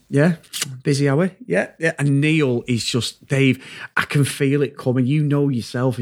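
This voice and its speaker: Man, casual podcast co-host, sweary and animated. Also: mid-range voice. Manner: animated, swears a lot, laughs while telling stories. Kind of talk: casual chat reviewing a comedy series.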